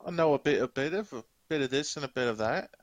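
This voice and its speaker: A man voicing a flirty, boastful orc blacksmith in a put-on Scottish accent, smooth-talking and rambling. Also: medium pitch, animated, fast, no room sound, natural voice. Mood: flattering.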